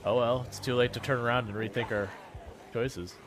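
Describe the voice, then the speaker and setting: A man giving casual, excitable commentary on his own gameplay, reacting aloud and laughing often. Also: mid-range voice, normal speed, noisy background. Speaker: gaming channel host.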